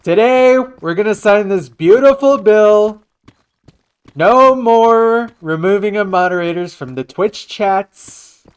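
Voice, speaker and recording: A man's voice: high voice, slow, clean tone, voice pushed up. A man doing an impression of a boastful older male politician, speaking in a pompous, grandiose way.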